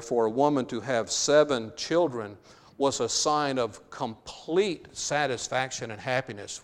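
A man's voice: medium pitch, in a large hall. A man preaching a sermon, reading scripture aloud with emphasis and then paraphrasing it in a conversational way.

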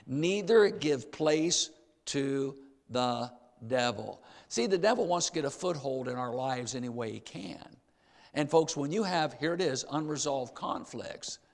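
Gravelly older preacher in a hall. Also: male voice, a little high. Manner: emphatic, repeats key phrases, addresses the congregation directly. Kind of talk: sermon.

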